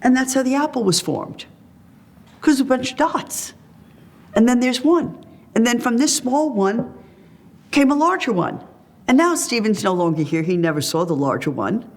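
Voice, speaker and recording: A woman's voice: on the high side, lively intonation, normal speed, pauses often, a little mellow. A woman guest telling reflective personal stories in a free-flowing way, acting out remembered conversations. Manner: free-flowing, tells stories through quoted dialogue.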